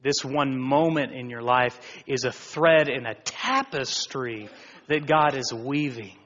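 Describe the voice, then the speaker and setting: Bright-voiced man preaching a dynamic sermon. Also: mid-range voice, steady tone, unhurried. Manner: dynamic, swinging from loud exclamations to near whispers. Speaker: pastor. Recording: dull recording in a reverberant hall.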